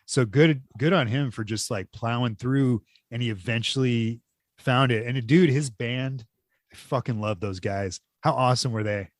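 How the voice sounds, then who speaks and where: Podcast co-host, man, mid pitch, eager and profane, dry close sound. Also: moderate pace, dry recording. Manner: enthusiastic, swears freely, quotes people in animated voices. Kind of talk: casual movie podcast chat.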